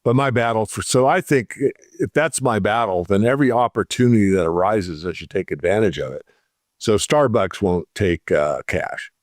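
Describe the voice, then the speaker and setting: A man's voice: fairly low pitch, normal speed, no echo, clean studio sound. A man, an interview guest, telling an everyday story in casual talk, acting out both sides of the conversation.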